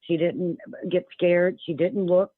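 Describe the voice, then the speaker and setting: A man's voice: high voice, steady tone, takes it slowly, slightly rough, no room sound. A man calling in to a radio show, telling a long personal story in an earnest, rambling way with many restarts. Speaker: caller. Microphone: telephone. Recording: tinny phone line.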